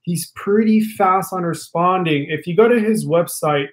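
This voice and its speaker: A man's voice: sits high, normal speed, poor audio. A young man hosting a casual live stream, rambling to his viewers with lots of fillers and restarts, speaking into a studio mic held a bit away from his face. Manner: talkative, addresses viewers directly. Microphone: studio mic held a little away from face.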